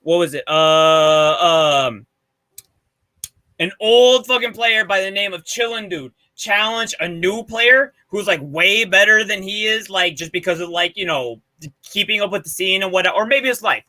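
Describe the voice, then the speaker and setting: High, bright-voiced guy ranting casually. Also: a little slow. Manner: loose, profane, enthusiastic storytelling. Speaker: podcast co-host presenting a segment. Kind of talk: casual chat.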